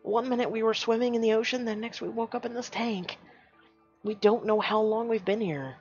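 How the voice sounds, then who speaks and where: A frightened, pleading mermaid held captive, high and strained, urging the listener to flee, voiced by a reader during a story game playthrough. The sound is dull and lo-fi, with faint music underneath. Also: moderate pace, natural voice. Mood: urgent pleading. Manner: urgent, fearful warnings.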